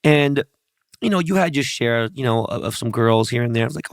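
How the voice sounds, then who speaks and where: A podcast host with a gravelly, creaky voice, telling stories bluntly and peppering them with curses. He often turns to address his listeners directly. The sound is close and dry. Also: medium pitch, animated, fairly quick, no room sound. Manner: profane, blunt storytelling; talks straight to his audience. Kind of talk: casual podcast conversation.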